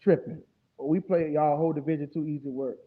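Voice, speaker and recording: Man, high voice, profane trash talk, casual fan stream, tinny phone-like sound. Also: steady tone, a little fast. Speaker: fan show host.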